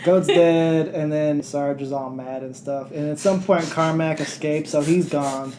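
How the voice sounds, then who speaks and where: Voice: medium pitch, steady tone, measured pace, heavy background noise. A podcast co-host recapping a bad movie in casual chat, joking and acting out the characters.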